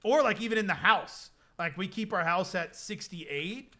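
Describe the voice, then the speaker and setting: A man's voice: high voice, animated, normal speed, bright, forceful tone. A young man chatting casually with his stream chat, rambling with lots of fillers. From United States.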